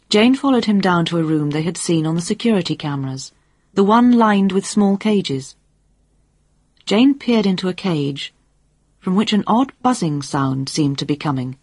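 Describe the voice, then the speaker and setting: A woman reading a story aloud as narrator, in a measured storytelling manner. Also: fairly low pitch, animated, darkish tone, husky, dry recording, clean studio sound. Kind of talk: audiobook narration.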